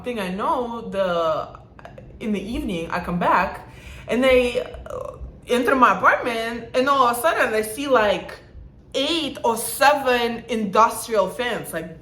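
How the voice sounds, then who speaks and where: A woman vlogger telling a casual storytime, animated and swearing, breaking into laughs and loud bursts when she mimics herself. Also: fairly high pitch, reverberant.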